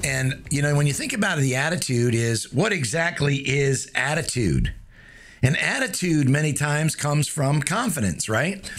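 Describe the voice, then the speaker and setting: A man's voice: fairly high pitch, very animated, normal speed, a bit bright. A man hosting a casual motivational talk, folksy and joking, with lots of fillers. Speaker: host of a motivational show. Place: streaming live.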